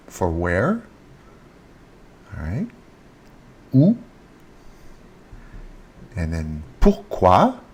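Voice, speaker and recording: A man giving a casual French lesson, speaking slowly, repeating each French word and stressing it, recorded on a handheld mic. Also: low-pitched, darkish tone, husky. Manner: slow, repeats French words with rising emphasis. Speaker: French teacher. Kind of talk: casual online language lesson. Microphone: handheld mic with earphone monitor.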